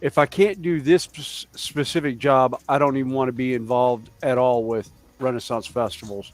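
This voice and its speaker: A man's voice: mid-range voice, steady tone, moderate pace, soft background music. A man in his fifties chatting casually as a host, rambling, swearing now and then and laughing often. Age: 50s. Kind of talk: casual chat.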